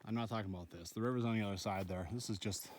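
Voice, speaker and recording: A man with a slightly low voice talks into his phone outdoors on a backcountry trail. His vlog is loose and rambling, and he keeps checking in with "right?" as he walks. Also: rapid-fire, background noise. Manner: chatty and rambling, often asks "right?". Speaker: solo backpacker filming his trip. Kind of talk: casual vlog narration while hiking. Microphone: handheld phone.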